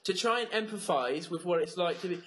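A man in his twenties with a Southern English accent, co-hosting a student radio show with quick, teasing comic banter. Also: high voice, animated, fairly bright tone. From South of England.

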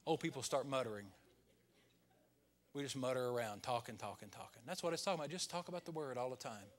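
A pastor preaching a Sunday sermon, rising to loud peaks and dropping to hushed, whispered lines. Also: male voice, medium pitch, fast talker.

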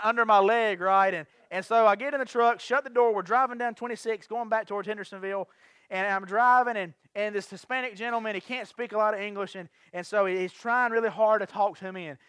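A man, a pastor telling stories in a rambling, lively sermon full of restarts. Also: high-pitched, smooth, no room sound. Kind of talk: storytelling sermon.

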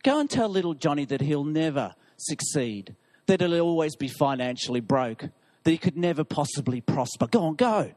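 Man voicing a devil, low and hushed, bossy, taunting, scheming. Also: expressive, normal speed, no room sound, close to an everyday voice. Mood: commanding. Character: scheming male devil commanding his minions.

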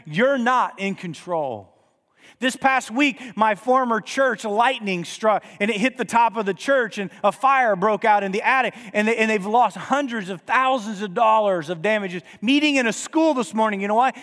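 Male pastor with a high voice, preaching emphatically in a reverberant church sanctuary. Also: a bit bright. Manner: emphatic preaching, rhetorical questions to the congregation. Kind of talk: sermon.

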